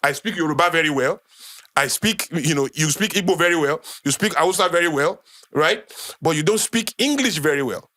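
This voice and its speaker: A middle-aged man with a Nigerian accent holds forth as a podcast guest, driving his points home by repeating them. His voice sits a little high for a man. The sound is dry and close, with no room echo. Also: a little fast, bright, forceful tone. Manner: emphatic, repeats phrases for effect, lecturing. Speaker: guest speaker. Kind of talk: passionate podcast talk.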